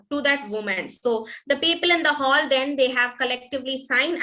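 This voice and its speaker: A woman's voice: sits high, bright, forceful tone. A woman teacher, retelling a story to a class and explaining each part simply, with many fillers.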